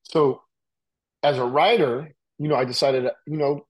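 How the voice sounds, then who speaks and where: A man's voice: a little high, steady tone, a little slow, slightly rough. A middle-aged man from the United States, talking about his past in a loose, slangy way, full of "like" and "you know". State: coughing from a bong. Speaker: interview guest, writer. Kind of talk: casual storytelling.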